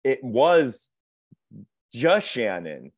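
A man's voice: medium pitch, big pitch swings, very slow, slightly rough, no room sound, clean studio sound. A man in his forties, an actor and author, chatting as a podcast guest over a video call, self-deprecating and laughing often. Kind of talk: casual video-call chat.

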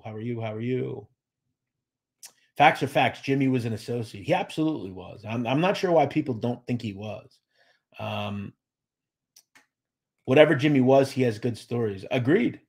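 A man's voice: mid-range voice, lively intonation, moderate pace, pauses often, a little mellow, breathy edge. A man hosting a live show, chatting casually, reading viewer comments and thanking them by name, with lots of fillers and restarts. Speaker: podcast host reading live chat. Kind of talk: casual livestream chat.

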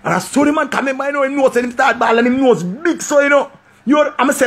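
A man with a Jamaican accent telling a story in casual, animated talk, slipping into patois and slang. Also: very high-pitched, racing, breathy edge. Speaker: vlogger.

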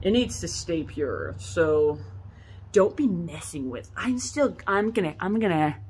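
A young adult woman hosting a casual product vlog, rambling and animated as she chats about corsets. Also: on the low side, unhurried, slight background noise. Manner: rambling, animated, laughs and coughs often. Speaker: corset shop host.

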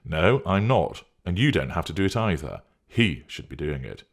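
Man doing measured reluctant guy, low gravelly voice, husky. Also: big pitch swings, heavily acted. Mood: soothing. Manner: measured, refusing, reasoning.

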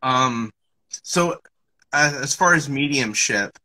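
Bright-voiced hesitant male podcast host. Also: mid-range voice, animated, slow pace, rough recording. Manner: hesitant, many ums and restarts. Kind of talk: casual interview.

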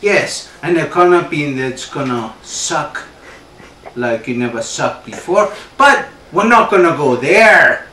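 A man's voice: on the high side, lively intonation, takes it slowly, bright, forceful tone, a little hiss or hum. A man hosting a comic show, rambling in a playful, mock-earnest way with a put-on Canadian accent. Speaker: comedy show host. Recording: roomy echo, distant mic.

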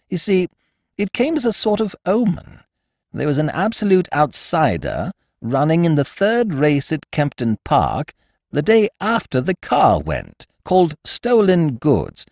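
A man voicing a good-natured, easygoing English gentleman who talks in a mild bleating way. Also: fairly high pitch, vocal fry, no echo, studio quality, pitched above the performer's own voice, full character voice. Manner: bleating, pleading.

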